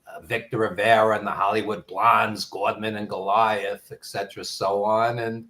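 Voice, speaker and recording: A man's voice: on the low side, little pitch movement, moderate pace, pushed and bright. An older man with a Brooklyn accent, a podcast guest telling nostalgic stories in a rambling way full of ums. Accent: Brooklyn New York. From New York. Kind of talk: casual storytelling.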